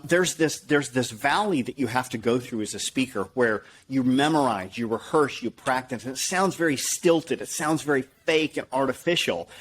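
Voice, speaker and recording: A man's voice: medium pitch, slightly rough. A man, a professional speaker, talking in an interview and acting out quotes as he tells stories. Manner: animated storyteller, acts out quotes. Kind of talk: conversational interview.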